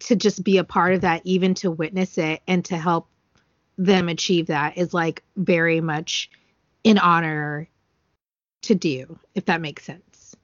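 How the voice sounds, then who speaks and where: A woman's voice: lowish voice, fairly even intonation, a little slow, no room sound, highs cut off. A woman co-hosting a podcast in casual chat, earnest and emotional, talking with many fillers and getting teary. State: tearful. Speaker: podcast co-host.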